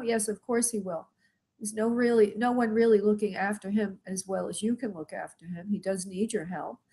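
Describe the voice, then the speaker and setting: Middle-aged woman psychic on a call-in show, bit of vocal fry, calls everyone sweetheart. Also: mid-range voice, darkish tone. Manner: calls callers sweetheart and honey, asks spirit yes-or-no questions. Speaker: spirit medium hosting a call-in show. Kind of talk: live psychic reading for callers.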